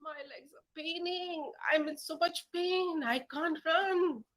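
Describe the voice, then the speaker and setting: A woman's voice: extremely high pitch, takes it slowly, fairly bright tone, voice pushed up, heavily acted. A woman voicing a small female kitten, pleading and breathless.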